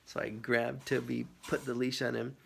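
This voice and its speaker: A man telling a funny personal story in a casual, animated way, with lots of filler words. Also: medium pitch, moderate pace, creaky, slight background noise.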